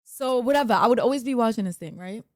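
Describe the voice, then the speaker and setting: This is a woman from New York with a matching accent, spinning a rambling, swear-filled story as a streamer. Her voice sits a little higher than most. She gets animated and punches up the lines she quotes, and the sound is dry, with almost no room around it. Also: quick pace, dry recording. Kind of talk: casual storytelling.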